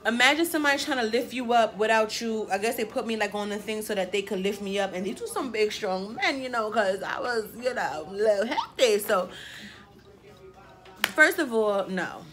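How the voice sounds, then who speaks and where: A woman's voice: fairly high pitch, normal speed, faint music behind. Dramatic young woman telling a storytime. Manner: dramatic, animated storytelling with lots of filler phrases. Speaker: vlogger. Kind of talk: casual storytime chat.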